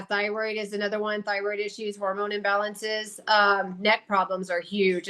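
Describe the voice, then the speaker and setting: A woman's voice: mid-range voice, a bit bright. A woman who is a guest on a spiritual podcast. She explains things frankly and casually in a mid-range voice, with the odd curse. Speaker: podcast guest, medical medium.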